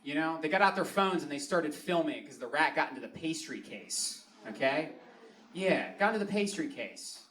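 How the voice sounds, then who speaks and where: A young man with a Baltimore accent doing a stand-up comedy set on a club stage, telling stories in an animated, playful way. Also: fairly high pitch, normal speed, a little hiss or hum. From Baltimore, Maryland.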